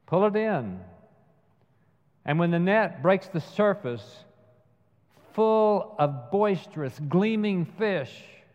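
A man preaching a sermon, retelling a film scene slowly and measuredly. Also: sits high, lively intonation, a little mellow. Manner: slow, measured storytelling with acted quotes. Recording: dull sound with long hall reverb.

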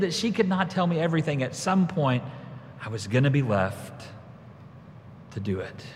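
A man preaching a sermon, telling a personal story and tying it to scripture, his voice rising when he quotes his younger self. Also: high voice. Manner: storytelling, rises when quoting himself. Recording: long reverb of a large hall.

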